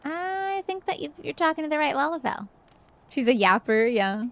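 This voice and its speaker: A woman's voice: high-pitched, sing-song, normal speed. A young woman streamer giving casual, chatty commentary while playing a game, with giggly asides.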